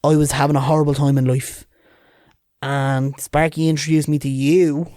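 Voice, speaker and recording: A man with a Dublin accent, a podcast guest telling stories in a lively, chatty way and swearing freely. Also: a little high, normal speed, dry recording, clean studio sound. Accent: Dublin Irish. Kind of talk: casual storytelling.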